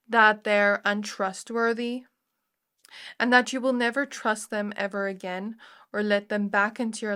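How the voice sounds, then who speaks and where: A woman's voice: a little high, fairly bright tone. A woman giving a casual pick-a-card tarot reading, speaking straight to the viewer in a chatty way with many fillers. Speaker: tarot reader.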